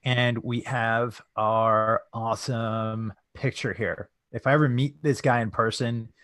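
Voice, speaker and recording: A man's voice: mid-range voice, steady tone, unhurried, fairly bright tone, no room sound. A man presenting a casual live webinar, chatty, often tagging his sentences with "right?".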